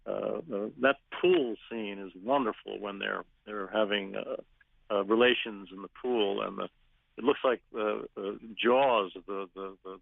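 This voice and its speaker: A man telling stories in a phone interview, animated, laughing often and restarting his sentences. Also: on the low side, creaky, dry recording. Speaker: actor guest. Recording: phone line.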